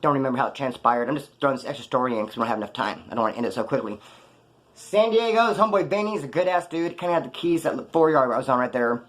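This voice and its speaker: A man's voice: mid-range voice, expressive, rapid-fire, a bit bright. A man casually telling rambling, profane prison stories off the cuff, full of slang. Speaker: storyteller recounting his prison past.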